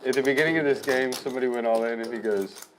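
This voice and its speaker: A man's voice: mid-range voice, fast, slight background noise, low-quality recording. Man, poker table banter, teasing, faint clicking in background. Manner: joking, teasing. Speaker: poker stream commentator. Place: card room at a poker table.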